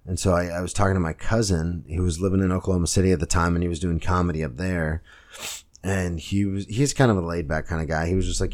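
A young man hosts a solo podcast from a room at home, rambling through stories and sports talk in a loose, filler-heavy way. His voice sits very low. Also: steady tone, fast talker, a little mellow. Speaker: podcast host and stand-up comic. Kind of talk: casual solo podcast rant. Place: home room, girlfriend nearby.

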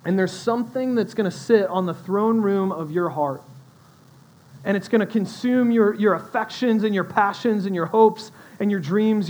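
A young man with a high voice preaching a sermon. He talks conversationally and breaks into animated asides with his listeners. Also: rough recording. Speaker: pastor.

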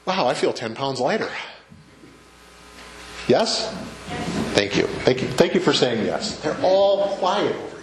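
A man's voice: fairly high pitch, sing-song, measured pace, long pauses, background noise. Man preaching, chatty and joking. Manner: conversational preacher, asks the congregation questions and jokes. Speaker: pastor. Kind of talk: sermon to a live congregation. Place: church sanctuary.

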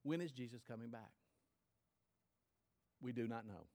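A man preaching a sermon to his church, emphatic, rising high and loud then dropping low and quiet. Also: measured pace. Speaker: pastor.

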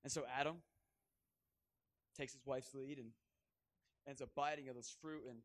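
A man's voice: mid-range voice, steady tone, moderate pace. A man preaching a sermon, joking and self-mocking as he addresses the church. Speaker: pastor.

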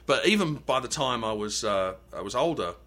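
A man from England in his forties with an English accent, telling animated stories in casual chat and laughing often. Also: medium pitch, a little fast.

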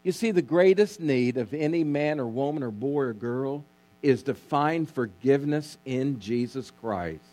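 A man's voice: medium pitch, unhurried, warm tone. A male pastor preaching a sermon, emphatic and repetitive, calling on the congregation to answer. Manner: emphatic preaching, repeats key words, asks congregation to respond.

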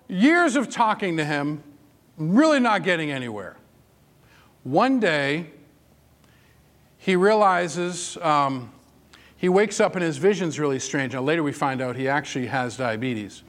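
Male pastor, slightly high voice, chatty sermon delivery, storytelling with emphatic bursts. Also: fairly bright tone. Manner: conversational, personal storytelling with rising emphatic peaks.

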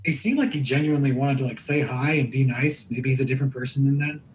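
A man of Iranian heritage co-hosting a casual podcast, telling blunt, profane anecdotes and slipping into quick impressions. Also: mid-range voice, slight background noise, rough recording. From Iranian family. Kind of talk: casual storytelling chat.

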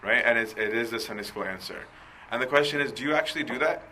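A man's voice: mid-range voice, fast, sharp tone, a little hiss or hum, rough recording. A man giving a conversational sermon, full of rhetorical questions and asides. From Coptic Christian community. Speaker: preacher.

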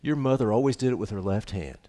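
A man's voice: lowish voice, lively intonation, quick pace, mellow. A middle-aged man preaching a sermon on marriage, emphatic and joking, repeating his key lines. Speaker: pastor.

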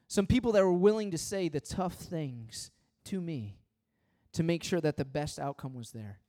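A man's voice: fairly high pitch, animated, moderate pace, warm tone. A middle-aged man preaching a conversational sermon, emphatic and full of repetition and anecdotes. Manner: emphatic, repetitive, anecdotal, talks straight to the congregation. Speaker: pastor.

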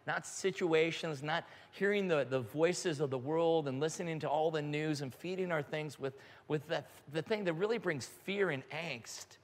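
A man's voice: fairly high pitch, lively intonation, moderate pace, hardly any pauses. An older man preaching a sermon and leading prayer, earnest and fervent, with a grandfather's storytelling ease. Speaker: pastor. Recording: live hall reverb with music.

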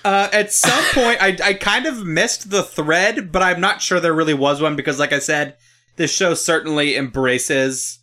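A man's voice: fairly high pitch, normal speed, pushed and bright. A man in a casual podcast chat, giving laid-back commentary and chuckling often.

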